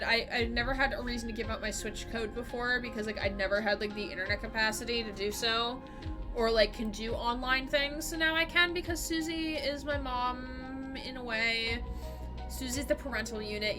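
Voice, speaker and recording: A woman live-streaming a game and chatting casually with her viewers. She rambles, fills her sentences with "like" and laughs easily. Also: fairly high pitch. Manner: chatty and rambling, heavy use of "like".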